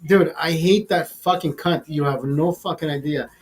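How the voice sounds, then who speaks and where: A man's voice: on the high side, moderate pace. A man hosting a casual livestream chat, crude and profane, rambling with many restarts. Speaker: livestream host.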